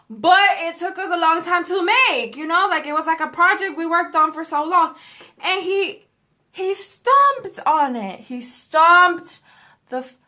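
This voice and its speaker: A woman's voice: sits high, bright, forceful tone. A young adult woman vlogger telling a story in a casual, rambling, profane way.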